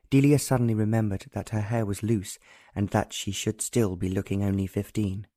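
Mellow male audiobook narrator. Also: mid-range voice, no room sound, studio quality. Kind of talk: scripted narration.

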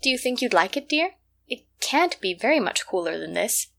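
A woman voicing a gentle, anxious young woman caring for her younger sister. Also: fairly high pitch, very animated, normal speed, vocal fry, pitched above the performer's own voice, full character voice.

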